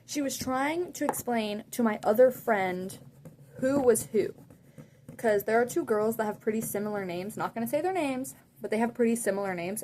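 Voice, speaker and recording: A woman telling a story in a casual, animated way, saying "like" a lot and often laughing mid-sentence. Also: on the high side, normal speed, a little hiss or hum. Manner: chatty and animated, heavy use of "like". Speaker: vlogger.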